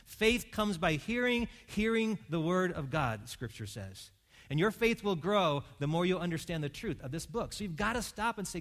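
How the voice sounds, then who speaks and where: Man preaching, loud to hushed. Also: high voice, lively intonation, normal speed. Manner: conversational preaching with wide swings from loud to hushed. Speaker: pastor. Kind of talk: sermon.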